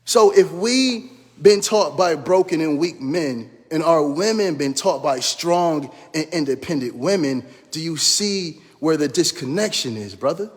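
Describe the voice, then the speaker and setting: The sound is that of a big room as a middle-aged life coach and minister gives a passionate motivational talk. He speaks on the high side at a measured pace, with lively intonation and a breathy edge, preaching, repeating phrases and calling his listeners brother.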